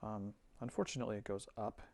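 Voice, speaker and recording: A man giving a relaxed screen-recorded music software tutorial, thinking aloud with fillers as he works. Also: lowish voice, fast talker, creaky, dry recording. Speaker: music teacher.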